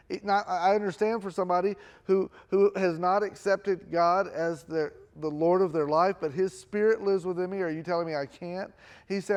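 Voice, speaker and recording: Self-mocking middle-aged pastor, higher voice. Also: male voice, fairly even intonation, normal speed, a little mellow. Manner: self-deprecating, conversational, acts out dialogue. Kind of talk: storytelling sermon. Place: church auditorium.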